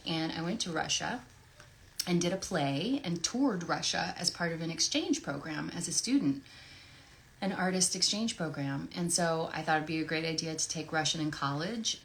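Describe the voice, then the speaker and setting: A woman voice actress chatting casually and effusively while signing autographs, thinking out loud as she goes. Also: lowish voice, slight background noise. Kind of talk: casual livestream Q&A chat.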